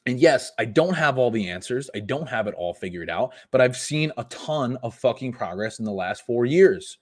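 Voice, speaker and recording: A man's voice: mid-range voice, expressive, normal speed. Profane, fired-up young male fitness coach. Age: 20s. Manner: profane, emphatic motivational ranting. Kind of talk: live podcast rant.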